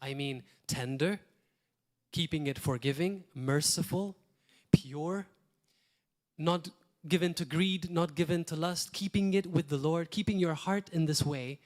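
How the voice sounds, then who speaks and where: A man's voice: a little high, a little slow. A male pastor, preaching a sermon in a conversational way, with repeated phrases and short asides. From Malta.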